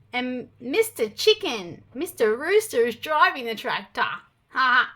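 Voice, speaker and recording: A woman's voice: sits high, a little slow. A woman with an Australian accent reading children's picture books aloud, gasping and making playful sound effects. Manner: animated, gasps and sound effects for kids. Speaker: children's storyteller.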